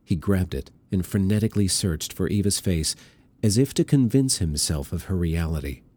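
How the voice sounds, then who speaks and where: A male narrator reading a novel in a measured, deliberate manner. His voice is very deep and mellow, with a warm, dark tone. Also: expressive, slightly rough. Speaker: audiobook narrator. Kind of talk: scripted narration.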